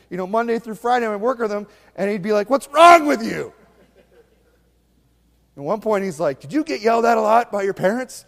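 A fiery male preacher with a slightly high voice, swinging from thunderous bursts to hushed, mocking asides. His sermon rings out with the long reverb of a church hall. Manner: fiery, mocking preacher who shifts between loud and hushed. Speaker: pastor.

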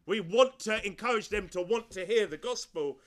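A man's voice: high-pitched, moderate pace, a bit bright. A male pastor preaching a sermon, emphatic and driving, who repeats his points and fires off rhetorical questions.

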